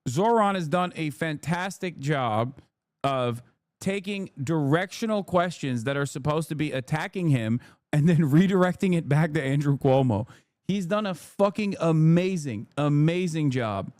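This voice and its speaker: A male streamer in his thirties with a voice a bit higher than most men. He talks fast and casually, often bursting into loud mock-outraged shouts. The sound is dry and close to the mic. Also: animated, dry recording. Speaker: streamer reacting to videos. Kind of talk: casual reaction commentary.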